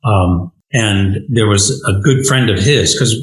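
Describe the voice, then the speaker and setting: A man's voice: lowish voice, takes it slowly. An older American animator, a guest in an interview, telling stories from his childhood in an earnest, emphatic way. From United States. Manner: earnest, warm storytelling with emphatic rising phrases. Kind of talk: reflective storytelling in conversation. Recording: roomy echo.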